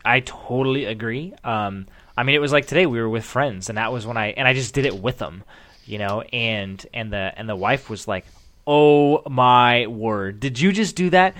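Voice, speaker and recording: A man's voice: lowish voice, fairly quick. Man telling a story in casual chat. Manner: animated storyteller acting out other people's reactions.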